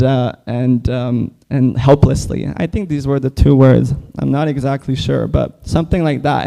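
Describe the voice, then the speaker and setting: A man gives a casual scripture class in a temple hall, filling his speech with "like". His voice is gravelly and dark, and his tone is mellow. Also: mid-range voice. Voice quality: casual, full of "like" fillers.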